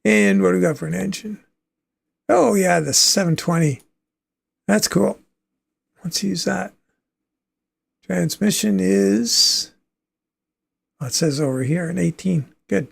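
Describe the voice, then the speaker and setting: A man's voice: high-pitched, slow pace, vocal fry, long pauses, breathy edge. A man from Canada hosting a livestream, chatting casually and thinking aloud as he plays a trucking game, with easy chuckles. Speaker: livestream host.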